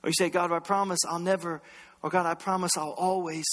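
A man preaching a sermon as pastor, impassioned, swinging between loud bursts and hushed lines. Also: high voice, level tone, a little fast. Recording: long reverb of a large hall.

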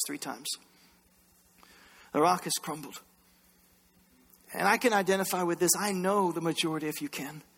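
A man preaching a sermon as pastor, impassioned, swinging between loud bursts and hushed lines. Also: on the high side. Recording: long reverb of a large hall.

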